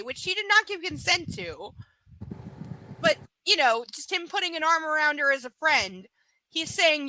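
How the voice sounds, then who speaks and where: A woman with a fairly high, bright voice reads a novel aloud live. She stops often for blunt, profane asides to her audience. The sound is close and dry. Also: lively intonation, moderate pace, no echo, poor audio. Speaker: live book reader. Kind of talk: live reading with blunt commentary.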